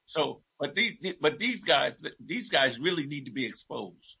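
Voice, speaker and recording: This is a man with a gravelly, somewhat husky voice and a strikingly bright tone. He talks casually about faith as a church teacher and keeps chiming in with short affirmations. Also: on the high side, sing-song, measured pace, rough recording. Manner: affirming, interjects often.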